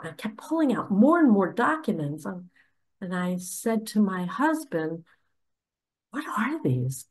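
A woman earnestly telling a personal story about a nightmare, speaking with emphasis. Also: mid-range voice. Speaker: religious speaker.

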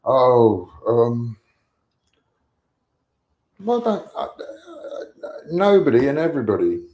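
A man's voice: mid-range voice, huge pitch swings, slow pace, warm tone, breathy edge. A man, telling rambling anecdotes as a guest on an online interview show and acting out the lines he quotes. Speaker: guest musician.

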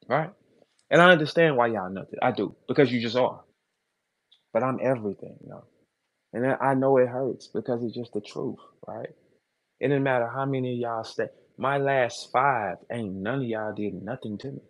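A middle-aged man, a battle rapper delivering a taunting, boastful, profane rant. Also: medium pitch. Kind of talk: ranting monologue.

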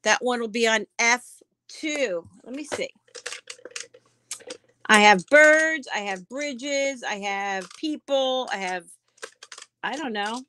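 Slow, chatty woman selling live. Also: fairly high pitch, expressive, pushed and bright, slight background noise. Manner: chatty, answers viewer comments by name; describes items aloud as she handles them. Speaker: live auction seller. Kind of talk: casual live-stream selling.

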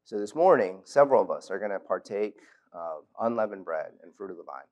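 A man's voice: lowish voice, lively intonation, fairly quick, a little mellow. A man in his thirties or forties preaching a sermon in a church, earnest and personal, weaving in stories from his own family. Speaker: preacher at youth lectures. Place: church auditorium.

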